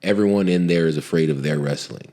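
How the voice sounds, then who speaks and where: Man, deep voice, slangy, joking, casual chat. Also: fast, warm tone.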